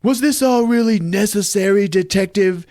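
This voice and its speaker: A man voicing a pushy male news reporter, asking questions in a high, prissy tone. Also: moderate pace, darkish tone, no room sound, clean studio sound, natural voice.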